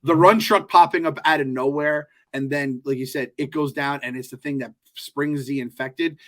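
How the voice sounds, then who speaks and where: A man co-hosting a podcast, chatting casually in an animated, joking way with lots of swearing. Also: on the high side, moderate pace. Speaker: podcast co-host. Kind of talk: casual chat.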